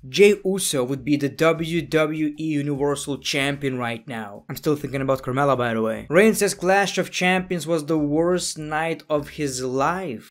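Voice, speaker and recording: A man recapping a wrestling show in a casual voice-over, excitable and jokey with sarcastic asides. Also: a little high, unhurried, hardly any pauses. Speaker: wrestling reviewer. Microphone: voice-over, no camera.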